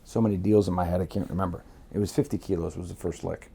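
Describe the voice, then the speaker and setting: A man's voice: low voice, fairly even intonation, fast, creaky, mellow, breathy edge. A man from Miami, telling a long story as an interview guest, swearing freely and acting out what others said. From Miami, United States. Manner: profane, rambling, acts out quotes. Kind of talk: casual storytelling.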